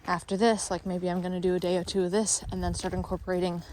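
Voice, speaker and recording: A woman's voice: lowish voice, level tone, fast, a little mellow, a little hiss or hum. A woman dog trainer, a little out of breath, explaining her training steps while she walks outdoors with a dog, and stopping now and then to praise it. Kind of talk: instructional training walk-through.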